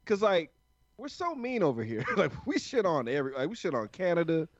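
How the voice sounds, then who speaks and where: A man's voice: fairly high pitch, sing-song, brisk, no room sound. A man from the United States, co-hosting a podcast in casual chat, rambling and swearing a lot. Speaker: podcast co-host. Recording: dull lo-fi sound, dry.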